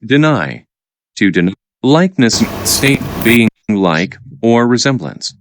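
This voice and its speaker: A man reading out vocabulary words and their definitions, halting and repeating each word after explaining it. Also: mid-range voice, big pitch swings. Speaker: vocabulary teacher. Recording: noisy recording with clicks.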